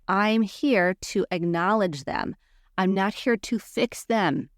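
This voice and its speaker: A woman's voice: medium pitch, a little slow, smooth, no echo. A woman therapist talks straight to her podcast listeners, coaching them earnestly and acting out the phrases she wants them to use. Her voice sits mid-range and is recorded close on the mic, with a dry, dead sound and no room around it. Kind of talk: teaching podcast monologue.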